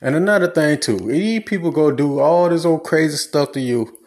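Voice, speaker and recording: A man's voice: a little high, animated, moderate pace, darkish tone. A man giving blunt, preachy relationship advice in a casual, slangy monologue.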